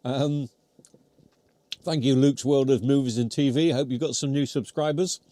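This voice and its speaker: Close-miked with no echo, this British man speaks at a medium pitch and normal speed, his tone warm and his intonation fairly even. Chewing as he hosts a live stream, he reads comments in a rambling, chatty, self-deprecating way, and his voice is getting worn.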